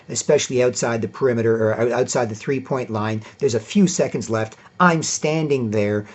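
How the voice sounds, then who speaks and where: A man's voice: medium pitch, muffled recording, natural voice. A man voicing a frustrated basketball star who lectures a teammate.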